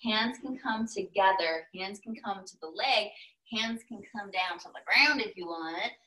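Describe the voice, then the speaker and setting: Calm woman with a Texan accent cueing yoga. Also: medium pitch, measured pace, low-quality recording. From Texas, US. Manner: calm instructive cueing, playful asides. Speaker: yoga instructor. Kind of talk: guided yoga class cues.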